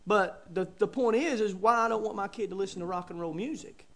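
Man, middle-aged, high-pitched voice, folksy emphatic sermon, chuckles between points. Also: fairly quick. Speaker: preacher.

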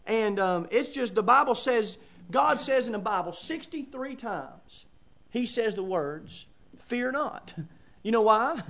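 A man's voice: high-pitched, lively intonation, slow pace, fairly bright tone. A middle-aged man preaching a sermon, folksy and emphatic with chuckles and asides.

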